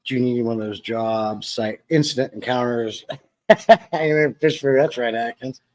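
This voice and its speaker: A man chats loosely at home on a live stream, bouncing between jokes and replies to viewers and family. His voice sits at an ordinary middle pitch for a man. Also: steady tone, normal speed, darkish tone, poor audio. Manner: rambling and jokey, answering chat and people at home. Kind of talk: casual live-stream chat.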